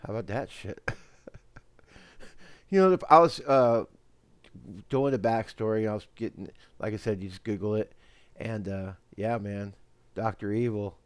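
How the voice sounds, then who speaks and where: A man's voice: on the low side, gravelly, no room sound. A man hosting a casual chat, rambling, repeating words and laughing often. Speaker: host.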